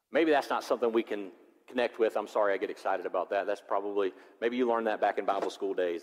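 A male pastor preaching a sermon. He moves from loud, rising preaching to quiet, reflective passages. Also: fairly low pitch. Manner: animated, swings from loud preaching to soft reflection. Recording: long hall reverb.

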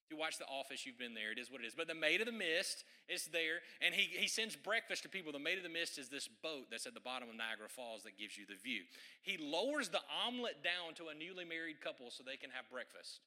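A man with a strikingly bright, forceful voice delivers a sermon. He tells his story in an animated way and slips in playful, joking asides. His pitch sits a little higher than most men's. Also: quick pace. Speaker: preacher.

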